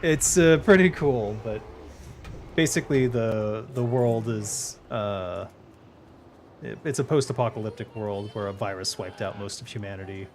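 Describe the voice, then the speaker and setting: A man's voice: lowish voice, a little slow, a little mellow, a little hiss or hum. Easygoing man chatting while gaming. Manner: laid-back, laughs often, swears casually. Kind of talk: casual chat while gaming.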